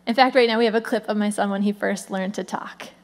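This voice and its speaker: A woman in her thirties, the lead pastor, giving a lively conversational sermon with frequent "come on" asides. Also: mid-range voice, fast talker.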